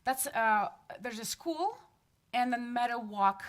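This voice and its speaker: A woman with a somewhat high voice speaks at a podium microphone in a council chamber. She pleads emotionally, stumbling and restarting her sentences as she presses her point. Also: expressive, takes it slowly. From from another place. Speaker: resident giving public comment. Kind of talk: public comment at a council meeting.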